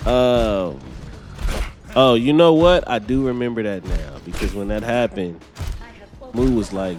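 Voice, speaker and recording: A man's voice: mid-range voice, sing-song, slow pace, long pauses. A young man giving laid-back, chatty commentary over his own gameplay as a gaming channel host. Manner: laid-back, chatty, laughs often, says "man" and "brother". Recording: loud game music underneath.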